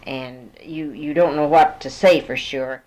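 A woman's voice: low-pitched, steady tone, unhurried, a little mellow, rough recording. A woman interviewer patiently prompting a speaker with fill-in-the-blank questions. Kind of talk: dialect survey interview.

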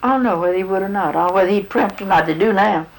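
A woman's voice: medium pitch, quick pace, rough recording. Older woman giving short, plain answers. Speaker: interviewee. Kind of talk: casual recollection.

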